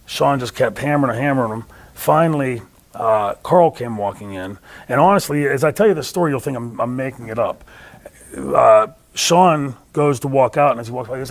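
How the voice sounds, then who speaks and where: A man's voice: mid-range voice, creaky. A man telling stories in an interview, acting out the voices of the people he quotes. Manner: animated storyteller, acts out quoted voices. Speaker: interview guest. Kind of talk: storytelling interview.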